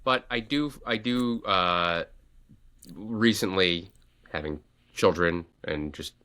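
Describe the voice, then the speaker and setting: Man, podcast co-host, dad, lowish voice, sharp tense tone, animated storytelling, many fillers. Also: slow, clean tone. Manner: animated storyteller, acts out quotes, hesitant fillers. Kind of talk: casual storytelling chat.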